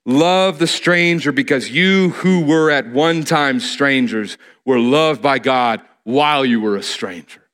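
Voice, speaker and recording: A man's voice: medium pitch, a little slow, a bit bright. A man preaching a sermon, earnestly repeating key phrases for emphasis, with some restarts as he speaks.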